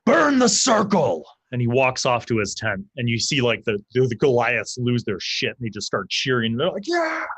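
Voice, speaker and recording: A man's voice: medium pitch, steady tone, brisk, hardly any pauses, fairly bright tone, no room sound. A man narrating as dungeon master, talking loosely and filling his lines with "like". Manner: loose, rambling narration full of "like". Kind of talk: narrating a tabletop game.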